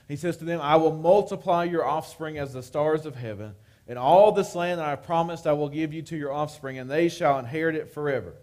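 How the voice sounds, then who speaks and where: A man's voice: a little high, darkish tone. A man preaching a live-streamed sermon, talking conversationally and often checking in with "right?". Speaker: pastor.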